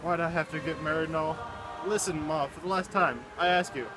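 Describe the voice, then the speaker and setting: A man playing an earnest young man about to marry, speaking in a halting, sincere way in an amateur stage play. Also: fairly high pitch, fairly even intonation, music in the background, lightly acted. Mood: anxious. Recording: noisy with traffic behind.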